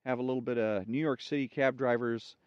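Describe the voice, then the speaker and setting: A man's voice: mid-range voice, steady tone, darkish tone, smooth, dry recording, muffled recording. A man hosting a monologue, rambling with fillers and then reading jokes aloud. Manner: halting, many fillers and restarts.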